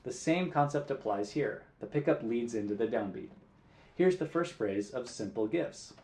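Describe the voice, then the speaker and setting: A male guitar teacher walks through rhythms, counting the beats aloud in a clear, patient voice. His pitch moves about a lot as he stresses each syllable. The recording carries a noticeable room echo. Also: expressive, moderate pace, darkish tone, a little hiss or hum. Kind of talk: music lesson. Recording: roomy echo.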